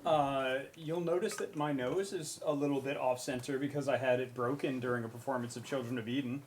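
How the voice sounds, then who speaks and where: A young man sits on a panel and tells a story in a relaxed, chatty way. His voice is mid-pitched, and he throws himself into quotes. A faint hiss runs under the recording. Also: brisk. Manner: animated, acts out quotes with raised voice. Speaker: panelist on a charity stream. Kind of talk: casual storytelling.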